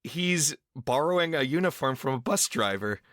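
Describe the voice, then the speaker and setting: Podcast guy with a bright, sharp voice, close dry mic, kinda thinking out loud. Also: medium pitch, lively intonation, moderate pace, dry recording. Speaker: podcast co-host. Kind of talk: casual film discussion.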